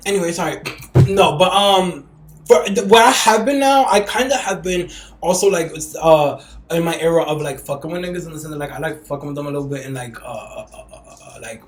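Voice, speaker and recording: A man talks fast on a casual podcast, his voice sitting a little high. He tells his stories in an animated, profane rush, with faint noise in the background. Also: reverberant. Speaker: podcast host. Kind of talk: casual chat.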